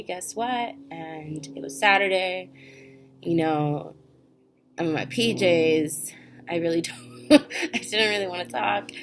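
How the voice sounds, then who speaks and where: A young woman with a low-pitched voice shares a personal testimony at home. She talks in a chatty, heartfelt way, full of "like" and "um" as she goes. It sounds like a casual video update. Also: slight background noise. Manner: chatty and heartfelt, many fillers like "like" and "um". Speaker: ministry student sharing a testimony.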